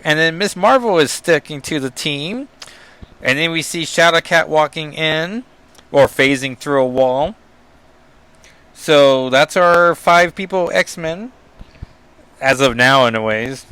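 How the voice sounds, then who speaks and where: A man's voice: fairly high pitch, slow, smooth, dry recording. A man casually recapping a comic book issue, rambling with frequent ums and reading panel text aloud. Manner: rambling, with many ums and asides; reads captions and dialogue aloud in a flat summary voice.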